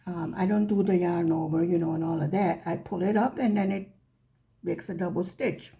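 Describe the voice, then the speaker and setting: A woman's voice: lowish voice, steady tone, normal speed, creaky, dark tone. A woman telling a chatty, self-deprecating story about her knitting, acting out the other voices in each exchange. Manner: chatty, self-deprecating, acts out quoted dialogue. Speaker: knitting vlogger. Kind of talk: casual storytelling.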